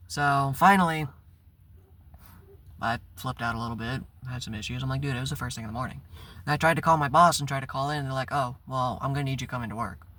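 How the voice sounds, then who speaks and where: A man's voice: mid-range voice, fast talker, pushed and bright. A man telling a personal story in a casual, rambling vlog, swearing and breaking into bursts of exasperation. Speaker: spiritual vlogger.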